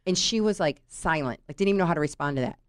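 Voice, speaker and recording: Chatting casually, this middle-aged woman shares work anecdotes at a rapid-fire clip, sprinkling in "you know" and "right?" again and again. Her low-pitched voice is expressive, recorded at studio quality with no room sound.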